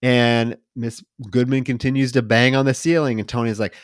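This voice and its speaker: A man's voice: mid-range voice, level tone, moderate pace, smooth, no room sound, clean studio sound. A man co-hosting a podcast, retelling a film's plot casually with mocking, profane asides. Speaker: podcast co-host.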